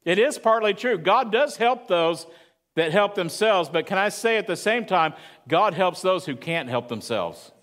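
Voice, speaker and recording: A man's voice: high voice, expressive, measured pace, a bit bright. A man preaching a sermon at church, talking conversationally and asking the congregation questions. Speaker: pastor.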